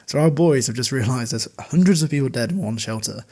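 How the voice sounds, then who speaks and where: A male podcast host with a rough, gravelly edge to his ordinary mid-pitched voice. He talks loosely and casually, laughing often and dropping swear words. His delivery is offhand and chatty. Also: lively intonation, a little fast, dark tone.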